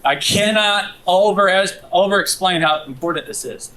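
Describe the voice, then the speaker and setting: Brisk bright-voiced male instructor. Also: sits high, rough recording. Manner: brisk, coaching, talks to the room. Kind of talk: live workshop teaching.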